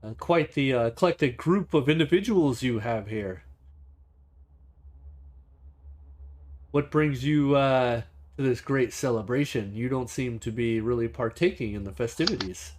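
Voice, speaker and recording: A man's voice: medium pitch, moderate pace, hardly any pauses, darkish tone, lightly acted. A man voicing a tall, scarred, rail-thin male stranger who speaks politely and formally in a tabletop game. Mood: courteous. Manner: polite, formal, easily flustered.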